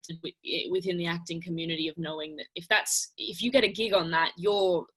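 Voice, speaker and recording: A young actress answering interview questions earnestly, with frequent restarts. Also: female voice, lowish voice, fairly even intonation, a little fast, fairly bright tone, husky. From Australia. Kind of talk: casual press interview.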